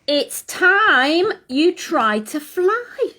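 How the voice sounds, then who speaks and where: A woman's voice: extremely high pitch, big pitch swings, very slow, bright, forceful tone, pitched above the performer's own voice, exaggerated voice. A woman voicing a stern mother owl who scolds firmly in a children's storybook reading. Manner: firm, scolding.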